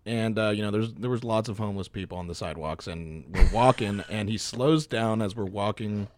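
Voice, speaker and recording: A man's voice: fairly low pitch, fairly quick, darkish tone. A man co-hosting a podcast in casual chat, easygoing and laughing as he tells stories. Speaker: podcast co-host.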